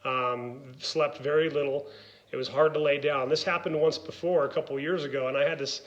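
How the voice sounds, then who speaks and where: A man's voice: a little high, steady tone, brisk, lo-fi sound. A middle-aged man, a former wrestler and gym owner, speaking candidly in a personal vlog, earnest and rambling with many fillers and restarts.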